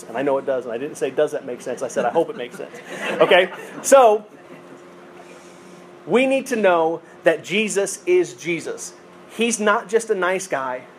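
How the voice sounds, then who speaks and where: A man preaching in a conversational teaching style, with a voice pitched a little high for a man. He often repeats phrases and corrects himself mid-sentence. Faint ambient noise sits under the recording. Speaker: pastor. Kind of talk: sermon.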